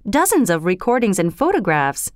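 A woman's voice: mid-range voice, big pitch swings, normal speed, no room sound, studio quality, lightly acted. A woman voicing an earnest, courteous older male colonel in a storybook reading. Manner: earnest, reassuring.

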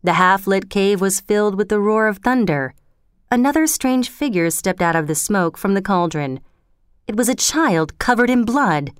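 A woman narrating a storybook in a measured, clear reading. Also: mid-range voice, animated, no room sound, studio quality.

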